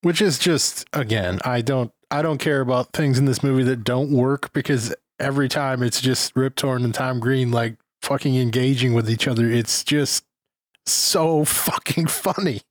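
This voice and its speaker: A man with a middle-pitched voice speaks hesitantly, with fillers, in casual film talk on a podcast, and swears bluntly when he gets to his point. The sound is dry and close. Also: moderate pace, no echo. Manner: hesitant, then blunt and profane. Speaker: podcast co-host.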